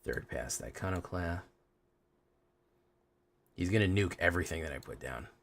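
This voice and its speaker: Male streamer, slightly deep, chatty and rambling, plays a card game while talking to chat. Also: animated, moderate pace, gravelly, a bit bright, slight background noise. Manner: rambling, talkative, answering chat questions. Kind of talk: casual gameplay commentary, chatting with viewers.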